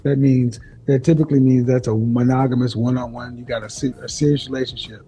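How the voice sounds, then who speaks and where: Stern dark-voiced man lecturing a caller. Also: medium pitch, fairly even intonation, a little fast. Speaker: dating advice host. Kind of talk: call-in advice show. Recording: dull lo-fi clip with faint music.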